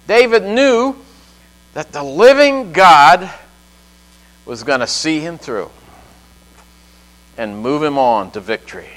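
A man preaching a sermon in a church, emphatic with dramatic pauses and frequent chuckles. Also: fairly high pitch, lively intonation, fairly bright tone, poor audio. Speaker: pastor.

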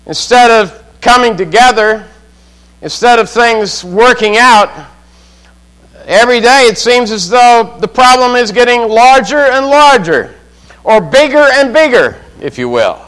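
A man preaching a sermon, slow and measured, often putting questions to his listeners. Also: extremely high pitch, animated, fairly bright tone, smooth, low-quality recording. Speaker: pastor.

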